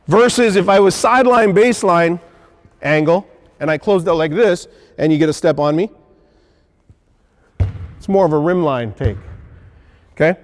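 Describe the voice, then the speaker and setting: A man's voice: high-pitched, in a large hall. A man coaching basketball on a court and demonstrating moves, checking in with "okay?" and "right?", a little out of breath. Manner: instructive, punctuates points with "okay?" and "right?". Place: gym.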